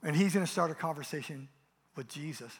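Guy preaching a fired-up sermon, kinda high voice, long echo like a big sanctuary. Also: brisk, slightly rough. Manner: impassioned preaching, acts out mocking voices. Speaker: pastor. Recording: long hall reverb.

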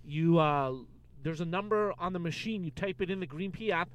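A man's voice: sits high, normal speed, clean tone. A young man from Canada co-hosting a casual comedy podcast, joking and mocking himself as he riffs with a friend in a car. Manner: animated, joking, self-mocking. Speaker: podcast co-host.

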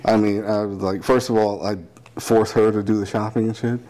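A man's voice: lowish voice, little pitch movement, moderate pace, warm tone. Profane, laughing man on a podcast. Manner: profane, laughing, acts out mocking voices. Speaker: podcast co-host. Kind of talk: casual crude banter.

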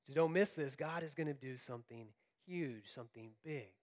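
A man who grew up in Florida, preaching a sermon as pastor and acting out quotes in an animated storytelling manner. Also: a little high, moderate pace.

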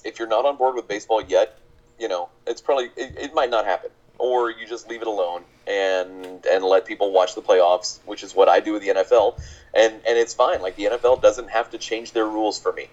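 A male podcast co-host chats casually with a dry, sardonic edge, stammering when he restarts sentences. His voice is lowish and darkish, he talks a little fast, and the lo-fi recording sounds dull.

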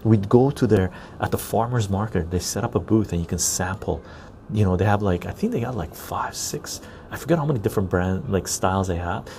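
A man with a low, gravelly voice talks casually on an outdoor patio, chatting with his viewers. His tone is dark and easygoing, and he keeps adding a friendly "right?". A faint outdoor hum sits behind him. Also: fairly quick. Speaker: podcast host. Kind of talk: casual chat while reading live chat.

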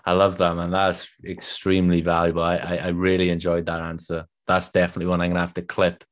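A man's voice: low voice, completely flat delivery, fast talker. A man hosting an interview, reacting with enthusiastic appreciation and asking casual questions, often with "um" and restarts. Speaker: podcast host.

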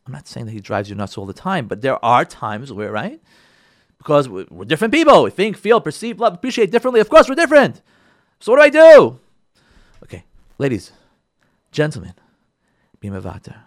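Animated rabbi a lively, expressive voice. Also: male voice, on the high side, a little fast, pauses often, dry recording, clean studio sound. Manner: animated, repeats phrases for emphasis, acts out listeners' voices. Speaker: rabbi, show host. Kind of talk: lively Torah talk addressed to listeners.

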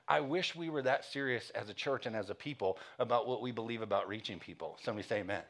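A man's voice: medium pitch, fairly bright tone. A male pastor preaching a sermon, telling a home story with frequent chuckles and then turning to earnest calls for passion. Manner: casual storytelling, chuckling often; earnest exhortation.

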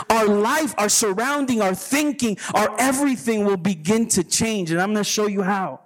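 A man's voice: sits high, poor audio. A man preaching as a pastor at a retreat, often repeating words and asking the crowd to agree with him. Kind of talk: sermon. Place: retreat gathering before a live audience.

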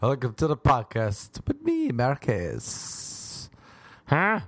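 Lively Irish man, crude comic rant. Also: medium pitch, normal speed, no room sound. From Ireland. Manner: rambling, puts on silly voices. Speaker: podcast host. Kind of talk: crude comedic monologue. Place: living in Los Angeles.

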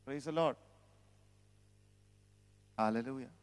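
A man's voice: extremely high pitch, wildly swooping pitch, moderate pace, pauses often. A man with an Indian accent preaching a sermon as pastor, exclaiming hallelujah and praise the Lord between points. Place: church hall. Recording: long church hall reverb.

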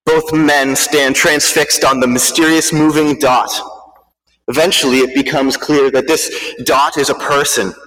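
Male preacher, dramatic sermon storytelling; measured and vivid; slightly high voice; long hall echo. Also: fairly even intonation, fairly bright tone.

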